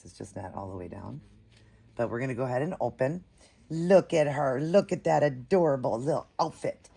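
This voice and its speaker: A woman's voice: extremely low pitch, gravelly, dark tone, slightly rough. A woman vlogging at home, chatting casually and gushing over an unboxing as she talks to her viewers. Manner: gushing, chatty, addresses viewers as "you guys". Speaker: doll collector vlogger.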